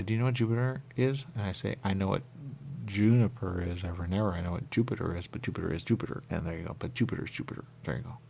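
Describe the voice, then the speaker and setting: A man doing a rambling gravelly dead man's ghost. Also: low-pitched, a little mellow, slight background noise. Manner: rambling, repetitive, drifting into whispers. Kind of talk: improvised comedy monologue.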